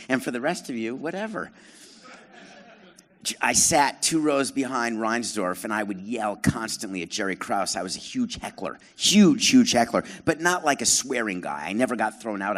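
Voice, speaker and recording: A man's voice: fairly low pitch, fairly bright tone. A middle-aged man hosting a live podcast show on stage, telling stories to an audience in a sarcastic, self-deprecating way and needling the crowd. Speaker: podcast host and former baseball team president.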